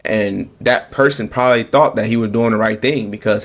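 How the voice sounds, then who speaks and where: A man's voice: on the low side, normal speed, a bit bright. A man giving a casual, repetitive political rant to camera, often restarting his sentences. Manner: repetitive, restarts, sarcastic mocking quotes. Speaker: political commentator.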